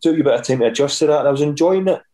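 This podcast guest is a middle-aged Scottish man and ex-footballer who rambles through anecdotes and performs other people's voices. He talks very fast, with a fairly high pitch and a dark tone. The recording is low quality.

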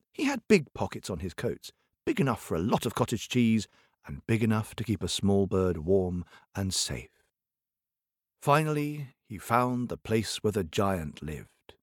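A male storyteller spins a folk tale for children, playful and speaking straight to his young listeners. His voice swoops up and down with lively expression while the sound stays close and dry. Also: on the low side, dry recording.

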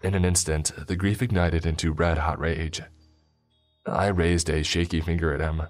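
A man narrating a first-person story in a measured storytelling delivery. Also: low-pitched, little pitch movement, soft background music.

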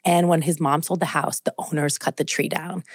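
A woman's voice: low-pitched, moderate pace, slightly rough, no room sound, clean studio sound. A young woman co-hosting a podcast, telling a long story in casual chat and filling it with "like". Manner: animated storyteller, heavy use of "like". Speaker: podcast co-host.

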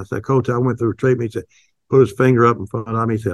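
An older man, a company founder, telling a folksy, halting story in an interview, with many restarts. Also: medium pitch, fairly even intonation, dry recording, clean studio sound.

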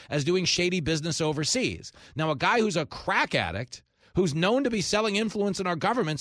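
A man's voice: high-pitched, a bit bright, dry recording. A man hosting a talk radio show, ranting with comic asides and telling jokes into a studio microphone. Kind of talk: opinionated talk radio monologue.

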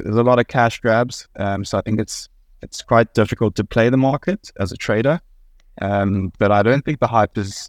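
Low-voiced South African man, measured. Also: no echo, studio quality. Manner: measured, with many "um" pauses. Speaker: guest researcher. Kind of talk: casual panel talk.

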